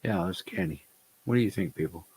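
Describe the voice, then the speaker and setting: A man's voice: low-pitched, brisk, darkish tone, husky. A man co-hosting a casual livestream, joking and swearing as he rambles. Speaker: livestream co-host.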